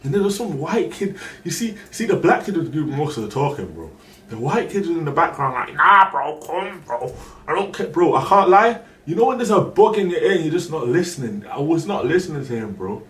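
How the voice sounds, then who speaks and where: Animated man telling a story, roomy. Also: fairly high pitch, fairly quick. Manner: animated storyteller who acts out other people's lines and bursts into shouts. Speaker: streamer. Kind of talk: casual storytelling on a live stream. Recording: roomy echo, voice far from the mic, faint background noise.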